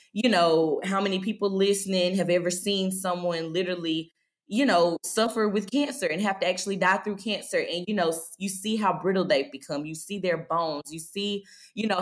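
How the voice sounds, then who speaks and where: A woman in her thirties, a podcast guest, telling her own story in a candid, heartfelt way with frequent fillers. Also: on the low side. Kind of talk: personal storytelling.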